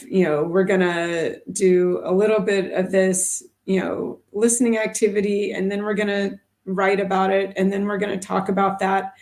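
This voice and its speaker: A middle-aged woman chatting casually as co-host of a teaching livestream. Her voice sits at a middle pitch with a gravelly fry, and she talks in loose, meandering sentences full of fillers. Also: a little mellow. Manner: chatty, thinks aloud with many fillers.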